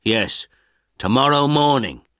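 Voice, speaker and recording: A man's voice: medium pitch, slow, pushed and bright, no echo, studio quality, voice pushed up. A man voicing a poor old village man who is anxious and impatient, pleading in a raised voice.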